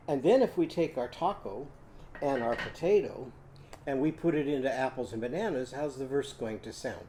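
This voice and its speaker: A man teaching a children's phonics lesson, drilling sounds in a slow, clear, sing-song way. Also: mid-range voice, lively intonation, dark tone. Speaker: literacy teacher.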